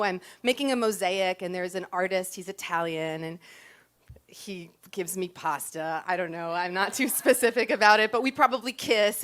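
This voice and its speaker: A woman's voice: medium pitch, fairly bright tone. A woman performing a comic personal story in a chatty, self-deprecating way, timing her punchlines.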